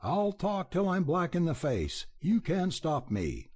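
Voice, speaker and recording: A livid, snarling man, as a male narrator acts him out, pitched up and husky, spitting defiance. A western storybook villain. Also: huge pitch swings, takes it slowly, darkish tone, heavily acted.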